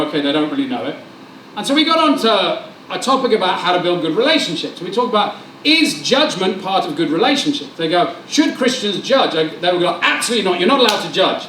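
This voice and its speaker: A man preaching a lively sermon in a church hall, joking and acting out conversations in different voices. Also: high voice, slight background noise. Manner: animated, joking, acts out dialogue. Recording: roomy hall sound, mic at a distance.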